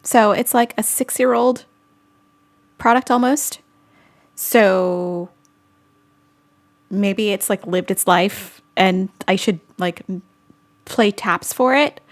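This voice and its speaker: A woman's voice: mid-range voice, takes it slowly, pauses often. A woman vlogger hosting a casual live-stream chat, chatty and giggly as she answers viewer comments.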